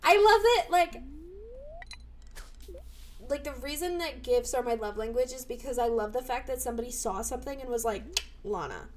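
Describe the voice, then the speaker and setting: A young woman streaming live, chatting casually, bubbly and excitable with sudden squeals. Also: a little high, moderate pace, pauses often, slight background noise.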